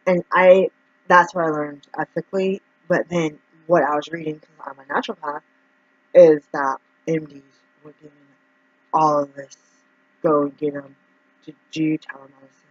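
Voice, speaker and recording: A man's voice: on the high side, little pitch movement, moderate pace, dry recording. A man who works as a naturopath talks through his troubles in a rambling, emotional vlog monologue. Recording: dull, dry lo-fi recording.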